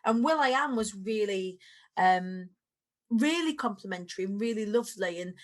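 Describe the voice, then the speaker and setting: A woman in her thirties with a Lancashire accent, a podcast guest telling her story in animated conversation. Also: mid-range voice, normal speed. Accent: Lancashire English. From England. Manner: animated storytelling, rising sharply when excited. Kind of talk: conversational interview.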